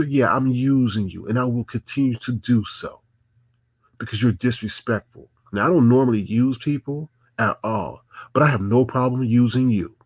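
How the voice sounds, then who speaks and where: Husky man ranting angrily on a livestream. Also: medium pitch, no room sound. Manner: confrontational, repetitive, scolding. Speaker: livestream host. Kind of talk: angry livestream rant.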